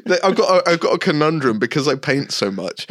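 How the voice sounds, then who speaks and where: A man's voice: fairly high pitch, sing-song, fast, a bit bright, dry recording, clean studio sound. A man co-hosting a casual podcast, rambling enthusiastically and laughing often. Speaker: podcast co-host. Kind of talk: casual chat.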